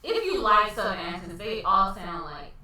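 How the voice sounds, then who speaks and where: A woman co-hosting a casual podcast with a lively, bouncing pitch and a bright, sharp tone. She chimes in often with short agreements. Her voice sounds echoey, as if in a bare room. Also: normal speed, recorded from a distance. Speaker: podcast co-host. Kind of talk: casual chat.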